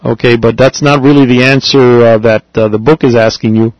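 A man teaching a language class, patiently explaining and repeating phrases slowly for his students. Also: medium pitch, fairly even intonation, no room sound, highs cut off. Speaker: Spanish teacher.

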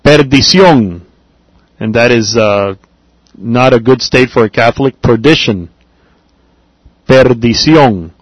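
A man teaching a Spanish grammar lesson, patient and deliberate, spelling out words and saying them again. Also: mid-range voice, fairly even intonation, no echo, low-quality recording.

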